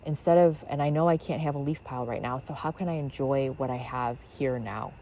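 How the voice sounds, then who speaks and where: A woman with a very deep, low voice muses on spiritual ideas from her backyard. She rambles along with lots of fillers, and a faint hiss sits under the outdoor recording. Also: fairly quick, dark tone, rough recording. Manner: musing, rambling with many fillers. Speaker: podcast host. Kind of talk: reflective spiritual monologue.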